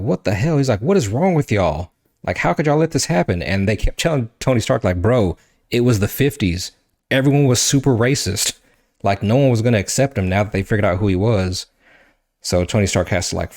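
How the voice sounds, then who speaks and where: A man hosting a podcast, casually retelling a comic book story in an animated way, swearing and acting out what the characters say. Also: low-pitched. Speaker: podcast host.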